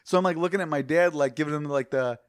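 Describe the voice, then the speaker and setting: A man's voice: fairly high pitch, fast, dry recording. A young man, a podcast co-host, telling a rambling, profane story in casual chat.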